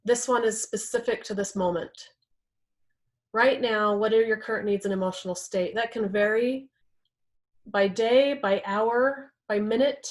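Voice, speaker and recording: A woman's voice: medium pitch, steady tone, a little slow. A young adult woman instructor teaching a class in a conversational way, often checking in with "right?" and acting out example quotes. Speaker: workshop instructor.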